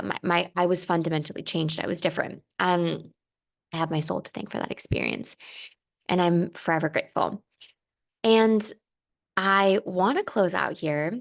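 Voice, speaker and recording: Young female podcast host, low and gravelly, earnest and rambling solo talk. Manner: earnest, heartfelt, rambling with fillers and restarts. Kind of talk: reflective solo podcast monologue.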